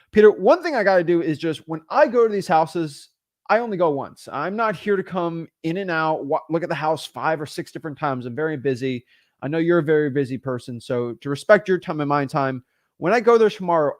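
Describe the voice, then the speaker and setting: A young man teaching real estate wholesaling in an energetic, casual way, acting out both sides of phone calls with sellers. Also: on the high side, no room sound, studio quality.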